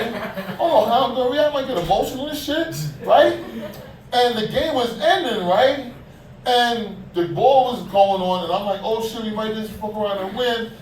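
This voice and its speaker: Profane high-voiced comedian in echoey club. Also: male voice, recorded from a distance, slight background noise. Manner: loose, profane, conversational storytelling with lots of fillers. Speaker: stand-up comedian. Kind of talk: stand-up comedy set.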